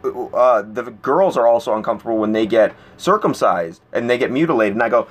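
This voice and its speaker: A man's voice: medium pitch, fairly quick, few pauses. A man hosting a casual podcast, telling stories with lots of acted-out quotes and laughter. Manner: animated storytelling, acts out quotes, laughs a lot. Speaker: podcast host.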